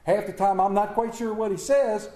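Folksy preacher, high voice. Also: male voice, fairly even intonation, moderate pace, warm tone, roomy sound. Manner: folksy storytelling, dramatic readings. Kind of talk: folksy sermon.

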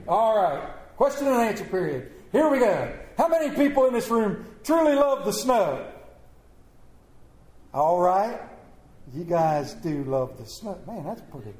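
A high-voiced man preaches in a church hall, and the room's echo hangs on his words. He reads scripture slowly and with weight, then jokes and trades questions with the congregation. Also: very animated, darkish tone. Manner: slow emphatic scripture reading, then joking banter with the congregation. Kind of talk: sermon with scripture reading and audience questions. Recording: echoey room.

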